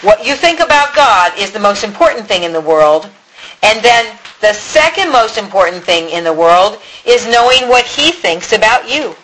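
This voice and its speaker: Bright, earnest woman giving a church talk. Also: a little high, a little hiss or hum, poor audio. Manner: earnest, encouraging. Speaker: speaker in a church teaching. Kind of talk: sermon.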